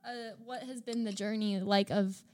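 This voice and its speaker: A woman's voice: mid-range voice, fairly even intonation, normal speed, a loud crowd. A woman co-hosting a casual podcast chat, tentative and trailing off at the ends of her thoughts.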